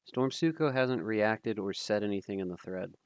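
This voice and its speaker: A man's voice: lowish voice, animated, moderate pace, clean tone, no echo. Dry, chatty male stream caster. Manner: chatty, thinking aloud with fillers; self-deprecating, laughs easily. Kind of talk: casual live-stream commentary.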